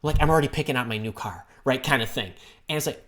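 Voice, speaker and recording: Energetic woman recruiter hosting a live Q&A. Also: extremely low pitch, fast. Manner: energetic, chatty, greets viewers by name. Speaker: recruiter and career coach. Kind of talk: live-stream Q&A with viewers.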